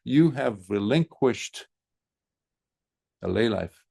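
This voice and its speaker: A man's voice: expressive, slow pace, vocal fry, warm tone, slightly rough, exaggerated voice. A man voicing a stern male earth spirit who scolds a monk in a story told during a dharma talk. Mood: scolding. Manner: shrill accusing outbursts.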